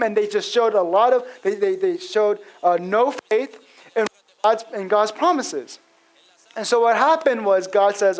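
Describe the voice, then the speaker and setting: A man's voice: high-pitched, lively intonation, moderate pace, rough recording. A male pastor giving an expository sermon in a casual storytelling manner, acting out quotes with frequent fillers.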